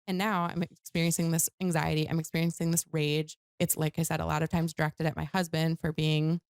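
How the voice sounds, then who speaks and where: A young woman talks in a low, gravelly voice, candid and loose, full of filler words. Her sound is dry and close, as if into a handheld mic. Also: little pitch movement, a little fast, a little mellow, dry recording. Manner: candid, swears, heavy "like" fillers. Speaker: guest author. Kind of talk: casual podcast chat. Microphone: handheld microphone.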